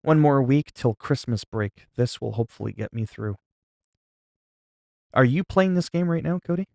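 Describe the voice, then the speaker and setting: A man chatting casually with viewers on a live stream, calm and low-key, with a delivery some find sleepy. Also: vocal fry, no echo, studio quality. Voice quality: sleepy-sounding, flat delivery. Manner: low-key, calm and unhurried, not hyped. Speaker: livestreamer.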